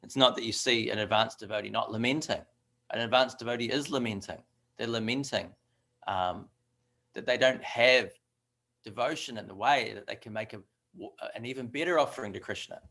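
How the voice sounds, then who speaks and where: A man's voice: medium pitch, fairly quick, pushed and bright. A man giving a devotional scripture class in a conversational way, with fillers and asides.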